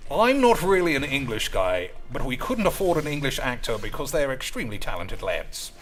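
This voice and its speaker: A man's voice: mid-range voice, big pitch swings, a little fast. A young man streaming a card game, talking brashly with a lot of swearing and calling his viewers boys. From United States. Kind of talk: casual gaming commentary.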